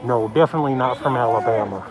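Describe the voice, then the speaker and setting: Chatty man livestreaming from a street crowd. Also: quick pace. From Pacific Northwest. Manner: chatty, rambling, often lowers his voice. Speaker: livestreamer filming street protests. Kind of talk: casual live-stream commentary. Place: outdoors on a city street at a protest. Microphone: handheld phone camera. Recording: loud crowd noise around the speaker.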